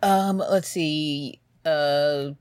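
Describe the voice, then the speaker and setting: A man's voice: fairly high pitch, extremely slow, a little mellow, clean tone, no echo. A man co-hosting a podcast, chatting casually and rambling with frequent swearing. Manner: rambling, laid-back, swears often. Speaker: podcast co-host. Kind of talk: casual chat.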